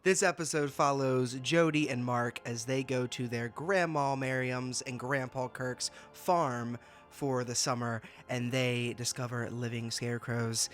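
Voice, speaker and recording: A man's voice: medium pitch, fairly even intonation, measured pace, fairly bright tone, faint music behind. A young man hosting a casual review channel, exasperated and laughing, often stammering and repeating himself. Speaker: booktuber host.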